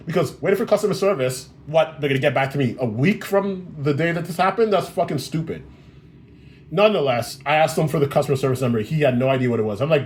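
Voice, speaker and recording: A man's voice: fairly high pitch, lively intonation, fast, a little mellow. A man telling a frustrating customer-service story on his vlog in a blunt, exasperated way, swearing freely. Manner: blunt and profane, exasperated retelling. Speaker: vlogger. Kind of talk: casual storytelling rant.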